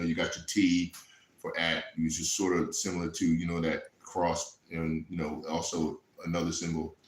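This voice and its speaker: A man preaching a fervent sermon, building from earnest teaching into raised, shouted passages, with quieter emotional stretches. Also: deep voice, echoey room, poor audio. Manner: fervent, rising to shouts, then softening into emotional asides.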